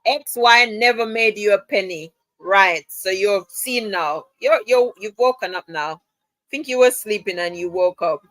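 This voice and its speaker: A woman's voice: mid-range voice, measured pace, fairly bright tone, no room sound, poor audio. A woman hosting a casual livestream, reading viewer comments aloud and teasing them, laughing often. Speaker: livestream host. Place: at home, camera off.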